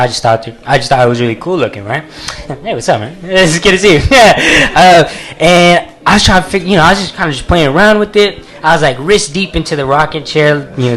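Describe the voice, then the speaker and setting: A man's voice: on the high side, fairly bright tone. A man telling a comic story live on a small cafe stage into a handheld mic, in a loose, chatty way, laughing through it. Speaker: comedian.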